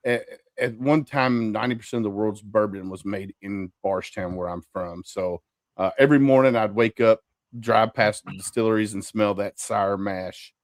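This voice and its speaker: A man's voice: on the low side, moderate pace, dry recording. A man, telling his story as a podcast guest in an easygoing way. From Kentucky, US. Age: 40s. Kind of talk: casual interview.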